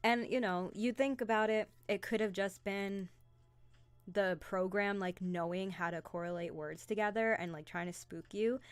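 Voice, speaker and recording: A young adult woman hosting a casual live stream, chatty and excitable, greeting viewers by name as she talks. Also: medium pitch, moderate pace, smooth, no echo.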